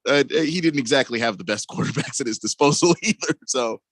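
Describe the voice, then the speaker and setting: A man co-hosting a sports radio show, measured and reasoning, laughing easily. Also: mid-range voice, fairly bright tone, no echo, clean studio sound. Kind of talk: casual sports talk.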